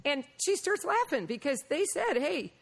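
A woman preaching a Bible lesson, mixing lively personal stories with scripture, and often laughing and acting out the voices of people in her stories. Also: fairly high pitch, normal speed. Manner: animated, laughing, acts out quoted voices. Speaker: Bible teacher. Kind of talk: sermon with personal storytelling.

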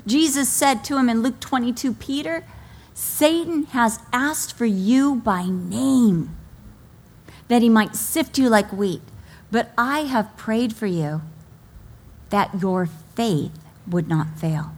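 High-pitched middle-aged lady preaching, storytelling, acts out the quotes. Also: slow pace, a little mellow. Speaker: pastor's wife and daughter, speaker. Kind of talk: sermon to a women's audience.

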